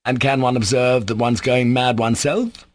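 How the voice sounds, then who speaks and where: A man's voice: mid-range voice, steady tone, normal speed, voice pushed up, lightly acted. A man reading as a scornful, bitter young man. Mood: contemptuous. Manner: sharp, contemptuous, scornful delivery. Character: bitter sardonic young man, cold and irritable. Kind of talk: audiobook character voice.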